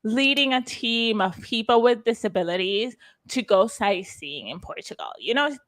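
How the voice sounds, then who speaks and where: A woman's voice: a little high, lively intonation, moderate pace, fairly bright tone. Effusive, emotional woman organizer. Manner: effusive and emotional, with frequent restarts. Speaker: conference organizer. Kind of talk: heartfelt conference talk.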